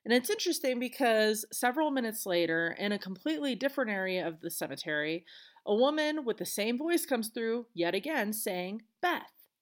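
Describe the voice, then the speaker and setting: A woman's voice: fairly high pitch, big pitch swings, moderate pace. A woman hosting a podcast, retelling events alone in a chatty, earnest way with casual asides. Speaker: podcast host. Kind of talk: solo podcast storytelling.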